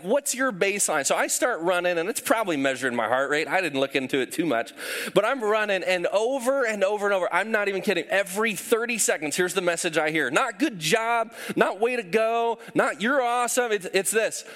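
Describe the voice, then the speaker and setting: A pastor with a high, animated, slightly bright voice speaks fast as he preaches to his congregation. He tells a personal story full of self-deprecating humor and acts out the voices of the people in it.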